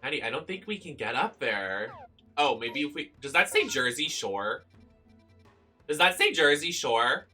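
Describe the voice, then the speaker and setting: A man from Boston with a Boston accent, chatting casually while streaming a game, greeting viewers and breaking into loud excited exclamations. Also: on the high side, measured pace, soft background music.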